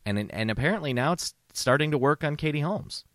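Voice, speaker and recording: A man hosts a comedy podcast, ranting with sarcastic, profane mock outrage. His voice swings widely in pitch and has a bright, forceful edge. The recording is close and dry. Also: expressive, fairly quick, no room sound. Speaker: podcast host. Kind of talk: comedic rant.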